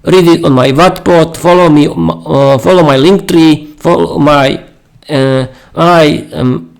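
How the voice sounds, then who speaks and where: Hoarse man hosting a live stream. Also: a little high, steady tone, rough recording. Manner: halting, repeats words and restarts. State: losing his voice, clearing his throat. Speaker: podcast host. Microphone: streaming mic.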